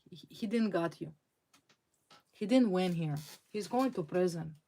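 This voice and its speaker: Woman tarot reader, slow, fairly low voice, intense, repeats words. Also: mellow. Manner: intense, repetitive, dramatic emphasis. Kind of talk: tarot reading to viewers.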